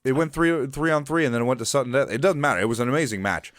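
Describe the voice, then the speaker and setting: An American man in his thirties co-hosting a casual podcast chat, excitable and rambling, with swearing and restarts. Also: mid-range voice, racing, no room sound, studio quality. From United States. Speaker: podcast co-host.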